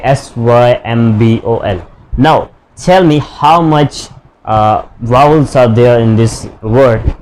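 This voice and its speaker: A man's voice: medium pitch, darkish tone, slight background noise, poor audio. Man teaching a lesson. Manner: explains slowly with many fillers and restarts. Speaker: English teacher. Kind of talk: online English lesson.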